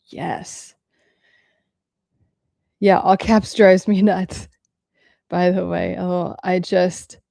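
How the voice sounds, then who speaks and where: A woman's voice: on the low side, gravelly, dark tone, no room sound, studio quality. A woman hosting a casual livestream, answering viewer comments candidly and swearing freely.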